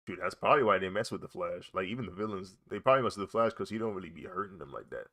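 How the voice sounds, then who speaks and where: A man's voice: low voice, lively intonation, very fast, fairly bright tone. A young man chatting casually and reacting while he draws, slangy and laughing often. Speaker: artist streaming while drawing.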